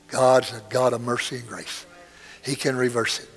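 A man's voice: mid-range voice, steady tone, moderate pace, fairly bright tone. An older man preaching a sermon, telling a story in a plainspoken, earnest way that swells dramatically. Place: church sanctuary. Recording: long hall reverb, faint music.

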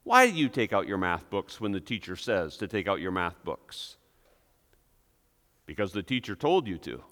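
A man preaching a sermon as pastor, deliberate and emphatic, pressing on key words. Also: low-pitched, sing-song, fairly bright tone. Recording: long reverb of a church hall.

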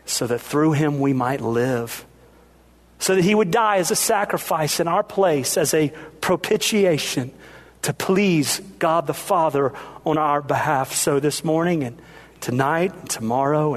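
A man with a notably high-pitched voice preaching a sermon. He tells a story in an earnest, heartfelt way and speaks directly to his listeners. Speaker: pastor.

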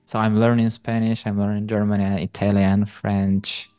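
A man's voice: lowish voice, little pitch movement, mellow, smooth, no room sound, studio quality. A man hosting a podcast, friendly and chatty, laughing often. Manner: friendly, laughs often, quick bursts when explaining. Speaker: podcast host. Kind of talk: casual interview.

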